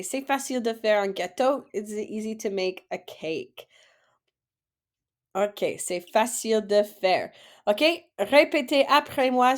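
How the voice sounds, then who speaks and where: A woman French teacher leading a classroom-style lesson, saying words slowly for students to repeat and praising their answers. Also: mid-range voice. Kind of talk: classroom lesson, slow model pronunciation.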